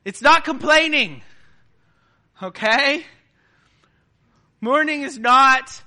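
A man with a high, strikingly bright voice delivers a sermon to a gathered congregation. He talks in a casual, conversational way and keeps checking in with his listeners. The tone stays sharp and forward throughout. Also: expressive, a little slow. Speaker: preacher. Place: before a live congregation.

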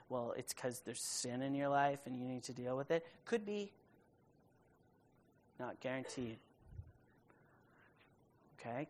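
A woman preaching a sermon, retelling a story in a casual, conversational way with quick asides to the listeners. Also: a bass voice.

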